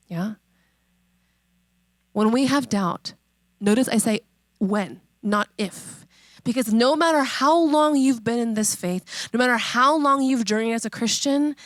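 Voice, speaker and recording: A woman in her thirties preaching a sermon, conversational and emphatic, repeating questions and slowing on key phrases. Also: a little high, no room sound. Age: 30s. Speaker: pastor.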